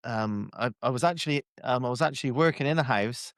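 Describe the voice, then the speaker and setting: A man hosting a podcast interview, talking in an easygoing, halting way with many ums and restarts. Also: mid-range voice, no echo, studio quality. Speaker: podcast host. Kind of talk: casual interview.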